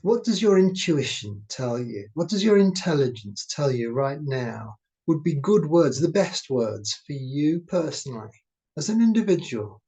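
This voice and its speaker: Male meditation teacher: warm, mellow tone, unhurried and soothing. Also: on the high side, very animated. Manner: slow, gentle, soothing delivery. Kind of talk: guided meditation talk.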